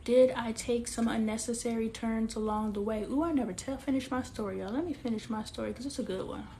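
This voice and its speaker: Talking quickly in a slightly high, dark-toned voice, a woman in her thirties streams live from her phone outside. She confides in viewers emotionally, speaking right to them and answering their comments out loud, over slight background noise.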